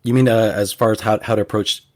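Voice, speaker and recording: A man's voice: fairly low pitch, flat delivery, fast, a little mellow. A man, a guest teacher on a podcast interview, earnestly giving advice and often repeating words as he restarts.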